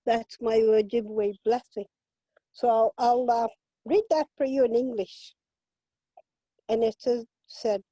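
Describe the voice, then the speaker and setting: An older woman speaks slowly and gently, offering a blessing over a video call. Her voice is high-set but mellow, and the sound is close and dry, with no room around it. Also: steady tone, no room sound, rough recording. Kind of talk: spoken prayer and blessing.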